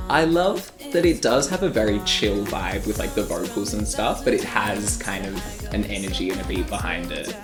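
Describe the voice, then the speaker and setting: An Australian music video reactor giving casual, rambling commentary full of filler words. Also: mid-range voice. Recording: roomy room with faint music.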